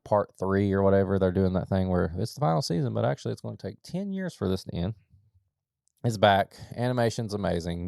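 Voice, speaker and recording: A man co-hosting a podcast in casual chat, rambling with lots of fillers and sudden animated bursts. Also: on the low side, gravelly, clean tone, dry recording, studio quality. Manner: rambling, filler-heavy, jumps to animated outbursts. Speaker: podcast co-host.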